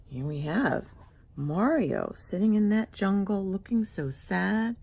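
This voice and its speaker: Slow, husky woman reading a storybook. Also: mid-range voice. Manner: expressive storytelling, pointing out pictures. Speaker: children's book author. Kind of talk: reading a picture book aloud.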